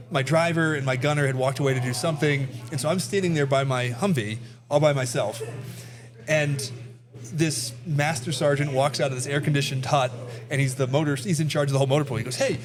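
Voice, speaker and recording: A man in his forties, a political candidate, telling stories in a laughing, animated way, recorded in a brewery taproom. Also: mid-range voice, a little fast. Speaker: congressional candidate and guest. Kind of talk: storytelling in casual chat.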